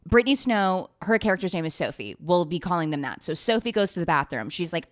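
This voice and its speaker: A woman's voice: on the low side, lively intonation, fast talker, few pauses. A young woman hosting her own show, rambling sarcastically through a TV recap, swearing freely and laughing often. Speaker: podcast host. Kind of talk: casual comedic recap.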